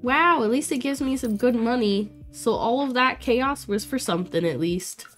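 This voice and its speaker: A young woman streaming a life-sim game, chatting to her viewers in an excitable way with frequent exclamations and laughs. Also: a little high, normal speed, soft background music. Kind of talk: casual let's play commentary.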